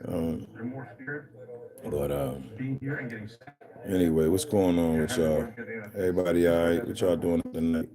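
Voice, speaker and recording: A man's voice: deep voice, flat delivery, a little slow, pauses often, crowd noise. A young man from Philadelphia with a Philly accent, rambling casually and talking straight to viewers on his livestream. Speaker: livestream host.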